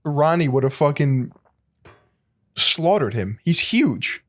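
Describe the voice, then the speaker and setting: A man's voice: fairly high pitch, animated, slow. A man co-hosting a podcast in casual chat, adding short reactions and dry quips. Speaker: podcast co-host.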